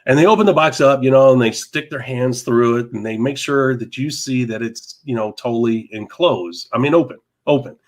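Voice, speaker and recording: A lively man spinning a long story. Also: mid-range voice, fairly quick, hardly any pauses. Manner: animated, laughing, repeats words, mild cursing. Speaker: podcast co-host. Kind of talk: casual storytelling chat.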